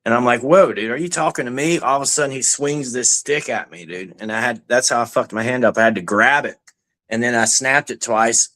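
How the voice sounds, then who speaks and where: A man's voice: medium pitch, fairly quick, sharp tone. Swaggering profane busker man. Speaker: street banjo busker. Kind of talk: casual chat.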